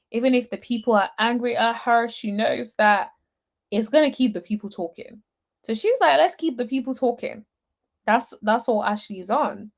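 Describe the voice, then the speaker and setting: A young woman talks through a reality TV recap in a chatty, sassy way, reading viewer comments as she goes. Her voice sits at a middle pitch, and she fills her pauses with "um" and drops in an easy "honey" now and then. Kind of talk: casual chat reading live comments.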